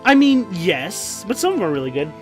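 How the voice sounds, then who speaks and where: A man's voice: high voice, sing-song, a little fast, soft background music. A man from New York giving goofy, joking commentary over a game and laughing often. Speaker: let's play streamer. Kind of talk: casual gameplay commentary.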